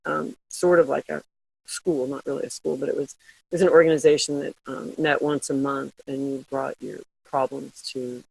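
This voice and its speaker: A middle-aged woman telling stories in a casual interview, chatty and quick to laugh. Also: sits low, fairly even intonation, gravelly, darkish tone, husky, poor audio. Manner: chatty storytelling, laughs often. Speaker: guest, glassware company founder.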